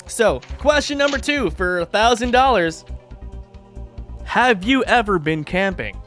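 A man's voice: sits high, animated, measured pace, fairly bright tone. A man hosting a live radio show, joking around in a goofy, playful announcer style. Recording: faint music behind.

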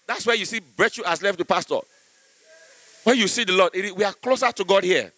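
Young Nigerian man, stand-up in church, high bright voice, dry close sound, animated, acts out voices. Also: a little fast, dry recording. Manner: animated storytelling, acting out voices, rising to shouts. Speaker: comedian.

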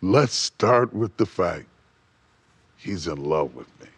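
Lively low-voiced man preaching. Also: slow pace, breathy edge, dry recording. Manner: swells up then drops to near whisper, repeats phrases. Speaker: bishop and guest preacher. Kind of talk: preaching on a TV talk show. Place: TV studio set.

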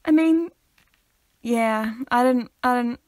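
High-voiced Northern Irish woman, teasing. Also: slow pace, darkish tone. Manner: teasing, jokey banter. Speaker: podcast co-host. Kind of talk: casual chat.

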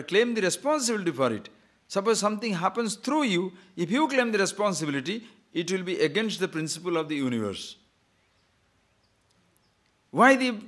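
Animated man giving a spiritual discourse. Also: high voice. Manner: animated, rhetorical questions, digressive storytelling. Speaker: spiritual teacher.

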